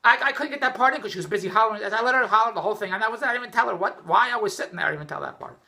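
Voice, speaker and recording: Fast-talking exasperated man ranting on his vlog. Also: sits high, expressive, gravelly, pushed and bright. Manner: exasperated, rambling storytelling with frequent restarts. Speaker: vlogger. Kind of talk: rambling personal vlog rant. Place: indoors, just came in from the rain.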